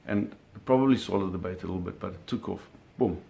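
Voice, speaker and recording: A middle-aged man casually telling a story, animated, with sound effects and acted quotes. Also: low-pitched, fast talker, creaky. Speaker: storyteller recounting a fishing trip.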